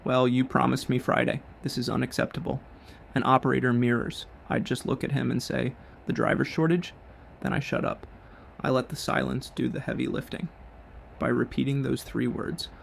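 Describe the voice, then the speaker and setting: A man's voice: medium pitch, creaky, slight background noise. A man hosting a show, delivering a scripted business monologue in blunt, punchy short sentences. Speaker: show host.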